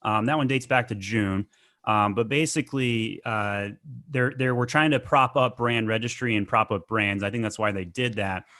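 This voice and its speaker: A man hosting a podcast interview, talking casually and clearing his throat between points. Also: lowish voice, bright, forceful tone, no echo. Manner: conversational, clears throat, quick asides. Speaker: podcast host.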